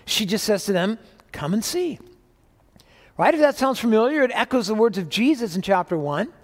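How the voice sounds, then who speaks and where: A man's voice: sits high, expressive, fast talker, long reverb tail. A man preaching a sermon as pastor, chatty and self-mocking, with joking asides. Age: older. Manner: conversational, self-deprecating humor.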